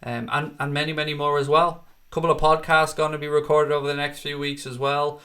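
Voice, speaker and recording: A man's voice: on the high side, flat delivery, a little fast, pushed and bright. Blunt, outspoken man hosting a livestream. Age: adult with a wife and kids. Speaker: host of a fan channel livestream. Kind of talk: casual livestream chat answering viewer comments.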